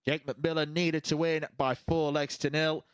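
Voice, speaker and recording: A man presenting a darts match, measured as he lays out what each player needs. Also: on the high side, flat delivery, clear, resonant tone, no room sound. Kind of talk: sports presenting.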